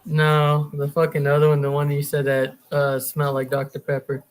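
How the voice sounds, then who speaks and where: A man's voice: fairly high pitch, completely flat delivery, moderate pace. A man co-hosting a podcast, reminiscing in a laid-back, profane casual chat. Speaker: podcast co-host.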